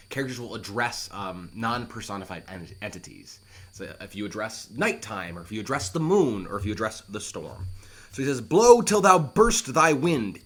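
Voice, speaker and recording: A man teaching a play line by line, animated and reassuring, who breaks into acted quotes as he explains. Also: medium pitch, breathy edge. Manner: talks straight to the student, reassuring.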